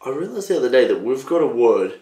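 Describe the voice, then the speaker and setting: A young Australian man hosting a casual solo podcast, rambling and animated, swearing freely. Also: medium pitch, quick pace, echoey room. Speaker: podcast host.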